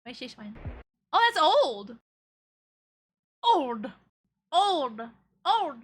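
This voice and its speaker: A woman's voice: high-pitched, sing-song, drawn-out words, a bit bright. A young woman streamer chatting casually as she reacts to old clips, giggling often and using playful baby talk.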